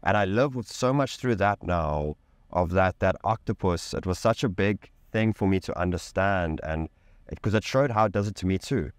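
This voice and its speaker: Deep-voiced man telling an intense story. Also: moderate pace, no room sound. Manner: intense and emphatic, casual slang and swearing. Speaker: podcast guest. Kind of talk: candid personal storytelling in conversation.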